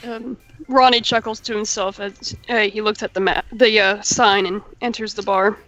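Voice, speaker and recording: A woman's voice: medium pitch, steady tone, normal speed, a bit bright, faint music behind. A woman playing a tabletop role-play, describing her character's actions in the third person. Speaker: player.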